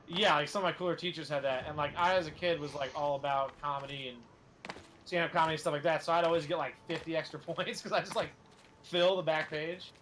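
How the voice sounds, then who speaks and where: A man's voice: fairly high pitch, fairly even intonation, quick pace, a bit bright, a little hiss or hum. A young man hosting a gameplay stream, chatting casually and rambling through jokes with lots of fillers. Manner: rambling joke-telling with many fillers. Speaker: gaming streamer host. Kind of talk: casual chat while playing.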